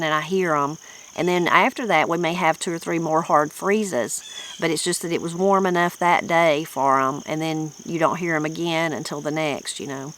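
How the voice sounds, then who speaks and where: Bright-voiced Southern Appalachian woman, folksy. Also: low-pitched, poor audio. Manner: folksy, rambling, reflective. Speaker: channel host. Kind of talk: casual book-discussion chat.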